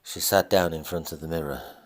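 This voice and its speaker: A man reading his own dramatic story aloud, with deliberate narration. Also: very deep voice, steady tone.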